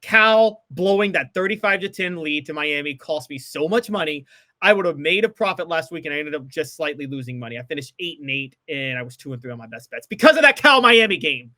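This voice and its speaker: A man's voice: fairly high pitch, lively intonation, a little fast, sharp tone. A man co-hosting a casual sports podcast and rattling off his betting picks in an upbeat, trained broadcaster's delivery. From American South. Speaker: co-host giving betting picks.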